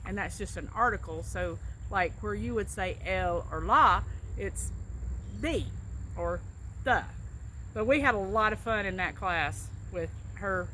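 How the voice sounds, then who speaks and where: A woman's voice: medium pitch, normal speed, bright, forceful tone, slight background noise. A woman with a Southern US accent, chatting casually and telling stories with a laugh. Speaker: vlogger doing an accent tag. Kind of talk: casual chat.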